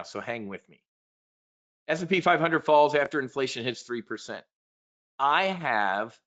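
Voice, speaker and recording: Man, trading show host, blunt and profane, ranting, mid-pitched, slightly dull lo-fi sound. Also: fairly bright tone. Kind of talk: live market briefing.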